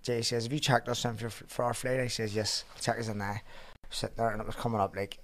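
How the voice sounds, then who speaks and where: A man's voice: medium pitch, fast talker, a little hiss or hum. A young man with a Belfast accent, a podcast guest telling a story in casual chat with lots of swearing. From Northern Ireland. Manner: animated storytelling, heavy swearing.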